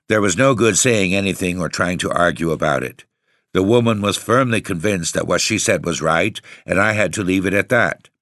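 Deep-voiced male storyteller. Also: fairly bright tone, no echo, studio quality. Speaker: narrator. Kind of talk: first-person storytelling reading.

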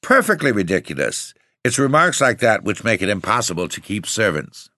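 A man voicing an irritable, scoffing gentleman who speaks in sharp, indignant outbursts. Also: lowish voice, very animated, fairly quick, no room sound, studio quality, full character voice. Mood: irritated.

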